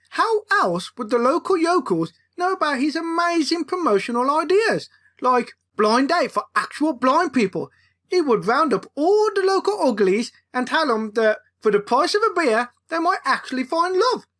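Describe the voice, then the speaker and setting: A woman reading her own comic novel aloud with a playful, expressive delivery. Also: high voice. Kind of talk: comic audiobook narration.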